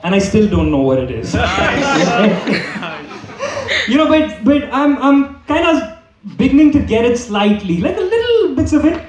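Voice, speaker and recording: A high-voiced man works through a stand-up set, his pitch leaping up and down as he rambles and restarts. He sounds a bit far from the mic in an echoey room, with audience laughter behind him. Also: sing-song, a little slow. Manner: rambling, lots of fillers and restarts. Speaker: stand-up comedian. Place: comedy club stage with audience.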